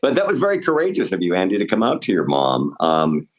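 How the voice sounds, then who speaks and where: A male podcast host with a very low voice. He asks his questions gently and encourages his guest. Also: wildly swooping pitch, fast. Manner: encouraging, supportive interviewer. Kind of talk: interview.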